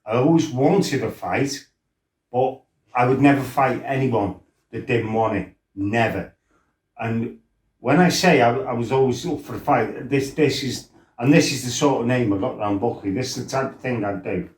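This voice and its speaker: A man's voice: mid-range voice, normal speed, darkish tone, reverberant. A middle-aged man tells his life story casually, laughing, swearing and acting out what people said. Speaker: former fighter telling his life story.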